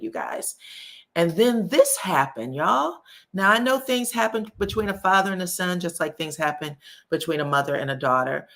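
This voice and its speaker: A woman with a low voice and a bright, forceful edge hosts a casual commentary channel. She talks straight to her viewers and keeps dropping in um fillers. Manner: chatty, frequent um fillers, addresses viewers directly. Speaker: host of a celebrity gossip channel.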